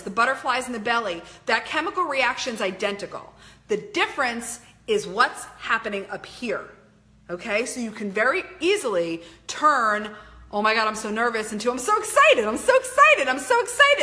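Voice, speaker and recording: A middle-aged woman and life coach giving an emphatic, animated motivational talk on a live stream, reading out viewer comments and swearing casually. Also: a little high. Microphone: webcam or phone mic.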